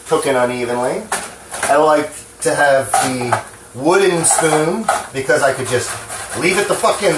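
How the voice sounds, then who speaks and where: In an echoey home kitchen with faint clatter and background noise, a mid-range male voice from New Jersey rambles casually about cooking. He's a vlogger who swears openly, jokes about himself, and has slightly shaking hands.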